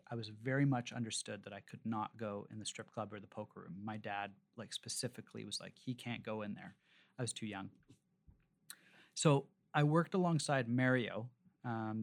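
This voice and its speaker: A man in his forties, a restaurateur from Canada, telling long rambling stories in a casual interview, with plenty of fillers and restarts. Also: fairly low pitch. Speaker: restaurateur guest.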